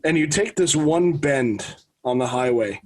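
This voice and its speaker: A man in his thirties from New England, co-hosting a sports podcast and telling anecdotes in a lively, casual way with frequent restarts. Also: mid-range voice, a little slow. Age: 30s. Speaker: podcast co-host.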